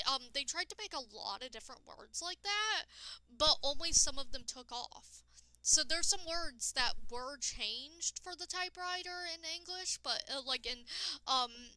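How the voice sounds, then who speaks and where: High, bright, chatty woman streamer. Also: animated, a little slow, no room sound, poor audio. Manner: rambling, chatty, talks straight to chat. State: low-energy, tired. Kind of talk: casual live-stream chat while gaming.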